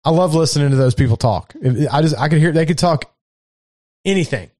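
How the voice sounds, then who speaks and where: A man's voice: on the high side, expressive, brisk, warm tone, no echo. Podcast co-host, an enthusiastic Southern US man with a slightly raised voice, dry close sound. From southern United States. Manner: enthusiastic, swears a lot. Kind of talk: casual chat.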